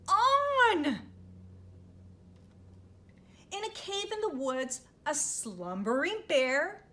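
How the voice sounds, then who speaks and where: A woman librarian reading a picture book aloud to children, animated and stopping to ask them questions. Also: extremely high pitch. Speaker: children's librarian storytime host.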